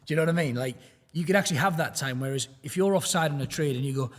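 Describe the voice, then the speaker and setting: A man's voice: fairly high pitch, racing, few pauses, in a large hall. A man from a prop trading firm, talking bluntly and motivationally in a casual roundtable chat, with joking asides. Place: studio.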